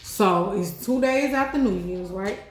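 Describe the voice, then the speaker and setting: A woman telling her life story in a casual storytime vlog, chatty and animated, swearing and leaning on fillers like "you know what I'm saying". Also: medium pitch, unhurried, slight background noise. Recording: echoey room.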